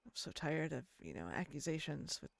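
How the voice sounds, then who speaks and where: A woman's voice: low-pitched, sing-song, a little fast, creaky, slightly rough, no echo. A woman chatting in character during a roleplay game, telling a long story that rambles and is full of swearing. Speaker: roleplayer voicing her character.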